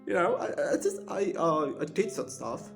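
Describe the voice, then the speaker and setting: A pompous, long-winded stage actor with a British accent, played by a man. His gravelly voice leaps wildly in pitch as he rambles theatrically through a mock interview. Faint guitar music plays behind him. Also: wildly swooping pitch, normal speed. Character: pompous washed-up male stage actor, middle-aged. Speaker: fictional actor being interviewed. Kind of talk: comedic mock interview monologue.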